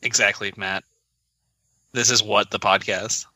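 A man co-hosting a podcast in casual chat, rambling and excitable with a joking manner. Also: fairly low pitch, unhurried, no room sound. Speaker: podcast co-host.

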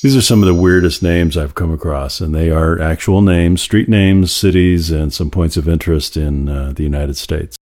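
A man reading a list aloud in a wry, deadpan manner. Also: low voice, normal speed, few pauses. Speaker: segment presenter.

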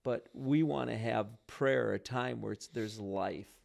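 Casting: gravelly-voiced man, pastor type, earnest and reflective, conversational. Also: mid-range voice, a little slow, darkish tone. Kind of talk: casual faith conversation.

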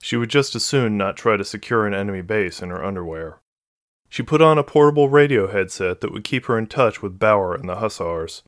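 Low-voiced male audiobook narrator. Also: expressive, a little fast, dry recording. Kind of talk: scripted narration.

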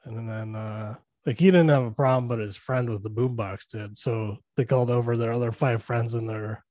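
A man's voice: mid-range voice, fairly even intonation, normal speed, mellow, no room sound. Profane, laughing male podcast co-host. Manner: loose and profane, laughs often, uses wrestling references. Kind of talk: casual movie breakdown chat.

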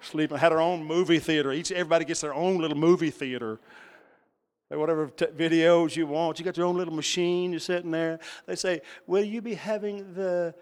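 Male preacher, high voice, folksy storyteller working the congregation, long hall reverb. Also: steady tone, fairly quick, smooth. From Texas. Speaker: pastor. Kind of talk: sermon.

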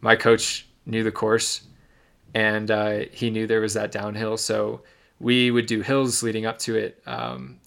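A man's voice: fairly low pitch, measured pace, vocal fry, a bit bright. A young man from Michigan, a podcast co-host, giving a detailed, reflective recap of a race in casual storytelling.

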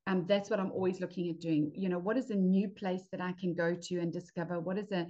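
A woman's voice: lowish voice, steady tone, quick pace, warm tone, dull audio. Upbeat woman guest from South Africa. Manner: enthusiastic, upbeat, laughs often. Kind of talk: casual chat.

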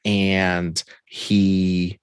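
A man's voice: sits low, completely flat delivery, very slow, smooth, no room sound. A man in casual chat, animatedly retelling a comic storyline and acting out the characters' lines.

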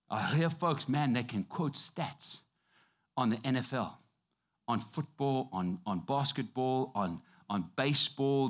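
A man preaching a sermon in a conversational, emphatic way, often repeating and restarting phrases. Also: fairly low pitch.

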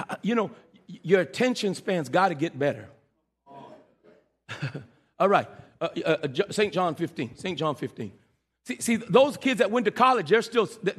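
A man preaching a sermon as pastor, animated and teasing, with shouted peaks and asides to the congregation. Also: high-pitched, breathy edge. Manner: humorous, teasing. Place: church sanctuary. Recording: long hall reverb in a church.

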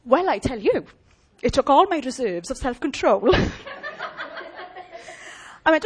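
A woman delivers a storytelling sermon, with a high voice that swoops and jumps. Her manner is comic and animated, and she mimics the people in her story. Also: unhurried, pauses often, husky. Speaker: preacher.

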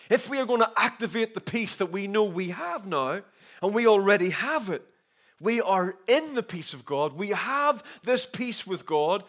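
Bright animated man preaching. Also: high voice. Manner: animated, shifts between loud and hushed asides. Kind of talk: sermon.

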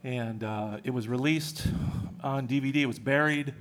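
A man's voice: mid-range voice, normal speed. A man speaking on a live convention panel, a little out of breath, talking with many hesitant fillers.

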